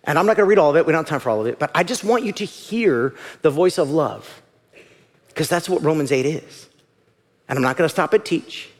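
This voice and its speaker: Lively-voiced male pastor preaching in a hall. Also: a little high, a little fast. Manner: conversational, emphatic preaching with acted-out quotes. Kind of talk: sermon. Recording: reverberant hall.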